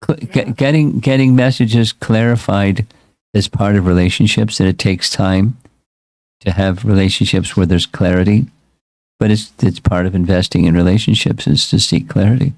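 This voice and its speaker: Guy teaching a scripture class, lowish voice, thinks aloud and repeats words, dry room. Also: fairly even intonation, moderate pace, darkish tone, no echo. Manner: reflective, repeats words, frequent restarts. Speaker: spiritual teacher reading scripture.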